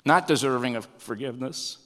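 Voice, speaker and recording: A man preaching a sermon, animated, his pitch rising and falling with emphasis. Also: brisk, in a large hall. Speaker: pastor.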